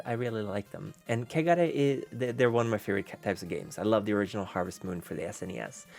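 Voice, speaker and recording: A man streaming as a VTuber, chatting casually and rambling, with many fillers and restarts. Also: mid-range voice. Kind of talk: casual livestream chat.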